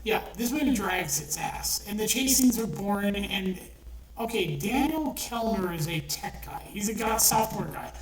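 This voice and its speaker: In an echoey room, a woman with a mid-range voice and lively intonation rants about a movie at a moderate pace, sitting a bit far from the mic over faint noise. Her casual review is blunt and exasperated, packed with swearing and constant restarts.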